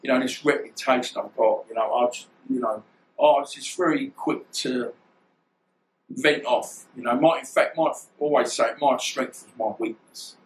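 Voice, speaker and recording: A man, telling stories in an interview in a rambling, animated way and acting out the dialogue. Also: medium pitch, normal speed, slight background noise, poor audio. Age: 50s. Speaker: guest, former boxer. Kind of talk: storytelling interview.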